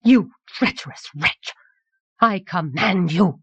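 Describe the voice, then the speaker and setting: A woman's voice: lowish voice, expressive, takes it slowly, husky, dry recording, lo-fi sound, exaggerated voice. A woman voicing a young queen who commands and threatens in a raised, imperious voice. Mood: commanding.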